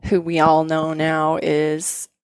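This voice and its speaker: Woman, doctor guest, animated talker, dry close-mic podcast sound. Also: low-pitched, slow pace, clear, resonant tone, no room sound. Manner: animated storyteller, many "like" fillers. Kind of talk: casual chat.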